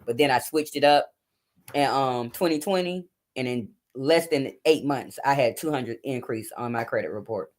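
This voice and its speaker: A woman's voice: extremely low pitch, moderate pace. Chatty woman hosting a late-night livestream. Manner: chatty, informal, talks straight to viewers. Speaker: livestream host. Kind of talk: casual livestream chat with viewers. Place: home at night. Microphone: phone or webcam.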